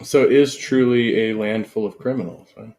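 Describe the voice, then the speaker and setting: A man with a lowish voice hosts a casual stream. He talks in a loose, hesitant way and fills gaps with "um" and "like". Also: fairly even intonation, normal speed, a little mellow. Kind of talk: casual chat.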